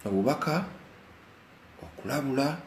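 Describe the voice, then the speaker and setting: A man's voice: mid-range voice, animated, normal speed, roomy sound, slight background noise. A Ugandan man speaking emotionally in a live commentary, mixing Luganda and English and repeating his points with passion. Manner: impassioned, repeats phrases, mixes Luganda and English. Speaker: vlogger. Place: indoors while rain falls outside.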